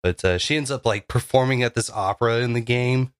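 A man's voice: medium pitch, brisk, smooth, no room sound, clean studio sound. A young man co-hosting a podcast in loose casual chat, rambling with lots of fillers and laughs. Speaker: podcast co-host.

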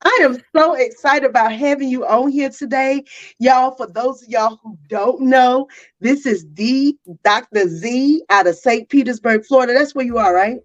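Woman, exuberant live-stream host, high voice, dull lo-fi sound, faint music behind. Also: moderate pace. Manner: exuberant, chatty, greets viewers by name. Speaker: podcast host. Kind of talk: casual live-stream interview.

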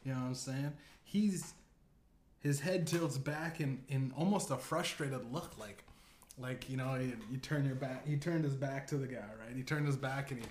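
A man's voice: medium pitch, normal speed, darkish tone, a little hiss or hum. A man hosting a podcast, telling a rambling comedic story full of profanity and asides. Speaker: podcast host. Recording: echoey room.

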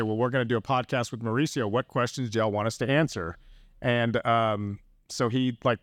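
A man's voice: medium pitch, no echo. Chatty man hosting, dry sound. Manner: enthusiastic, chatty, laughs easily. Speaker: podcast host. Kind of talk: casual chat.

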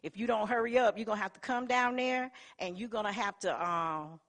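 A woman's voice: medium pitch, a little fast, fairly bright tone, lightly acted. A woman voicing an impatient male floor boss who talks harshly.

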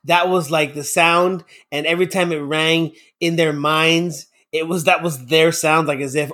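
A man with a high voice talks excitedly in a loose, casual chat. He laughs often and swears freely as the conversation rolls on. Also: unhurried, few pauses. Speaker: podcast co-host.

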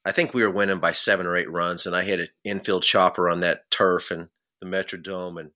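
A man's voice: deep voice, brisk. A middle-aged man, a podcast host and former ballplayer, telling stories in a casual chat and often laughing. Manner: animated storyteller who breaks into laughter.

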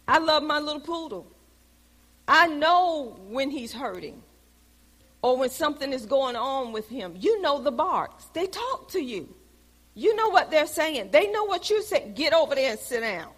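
A woman teaching a Bible lesson in a preaching style, telling stories with lively, loud exclamations. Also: high voice. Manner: animated storytelling, rises to loud exclamations. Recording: long hall reverb.

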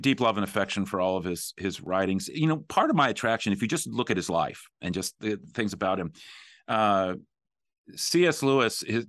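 A middle-aged man hosting a podcast, talking in a relaxed way with fillers and restarts. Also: lowish voice, no echo, studio quality. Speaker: podcast host. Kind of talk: conversational podcast talk.

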